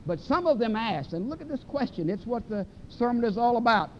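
High-voiced preacher, emphatic. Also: male voice, very animated, brisk. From Mississippi, USA. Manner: emphatic, stretches key words, repeats phrases for effect. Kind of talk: sermon. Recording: dull lo-fi recording with faint rumble.

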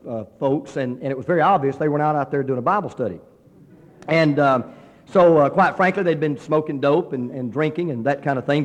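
Fast-talking preacher in a reverberant hall. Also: male voice, a little high. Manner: animated storyteller acting out quoted dialogue, with frequent restarts. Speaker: pastor. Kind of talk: sermon storytelling.

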